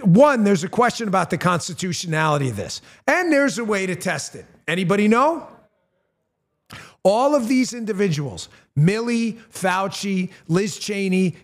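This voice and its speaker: A male talk show host with a punchy, blunt delivery who reads his own ads and turns loud and high-pitched when outraged. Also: lively intonation, moderate pace. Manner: conversational, with fillers and restarts. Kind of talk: talk show monologue with ad read.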